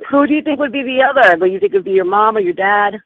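A woman's voice: a little high, lively intonation, fast, no room sound. Chatty woman host on a tinny line. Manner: bubbly, chatty, laughs often. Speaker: talk show host. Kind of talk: casual online radio chat. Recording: tinny phone-line audio.

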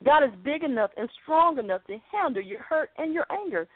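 A woman's voice: high-pitched, expressive, a little fast, no room sound. Woman preaching over a phone-like line. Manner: earnest, conversational preaching. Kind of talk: podcast sermon. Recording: dry, phone-like narrow sound.

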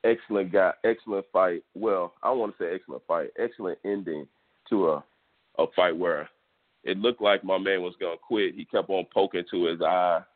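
A man's voice: low-pitched, moderate pace. A Texan man hosting a podcast, telling a sports story in a loose, profane, casual monologue. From Texas, US. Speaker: podcast host. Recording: tinny phone-like audio.

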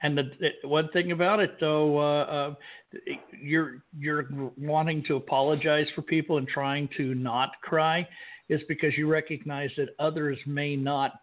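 A man's voice: fairly high pitch, little pitch movement, normal speed. A man co-hosting a podcast, talking casually in a rambling, reassuring, joking way. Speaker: podcast co-host. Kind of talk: casual radio chat. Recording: phone-like lo-fi sound with faint music.

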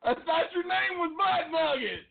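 A man's voice: very high voice, expressive, unhurried, creaky, full character voice. A man voicing a crude, teasing stoner puppet that ribs its co-host in mocking banter. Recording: tinny lo-fi podcast audio.

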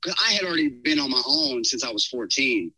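A middle-aged man telling a personal story in a casual podcast chat, rambling and animated, with many fillers. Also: mid-range voice, fairly quick, poor audio. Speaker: podcast guest.

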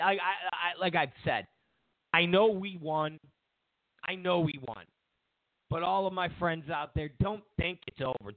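Sarcastic talk host on a tinny line. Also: male voice, fairly high pitch, dry recording. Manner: sarcastic, mocks media with exaggerated quotes; repeats himself for emphasis. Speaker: political talk show host. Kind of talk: opinionated political commentary. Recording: tinny phone-like, dry sound.

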